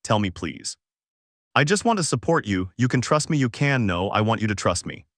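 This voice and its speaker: A man reading the lines of a distressed, dignified elf woman in a fanfic story, with an even, unhurried delivery. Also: fairly low pitch, no room sound, studio quality. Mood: pleading.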